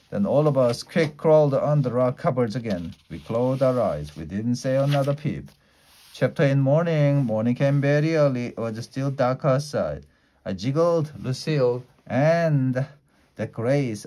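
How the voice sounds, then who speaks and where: A man reading a children's storybook aloud in a lively way, shifting his pitch and loudness for the characters' lines. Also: unhurried. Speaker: storybook reader.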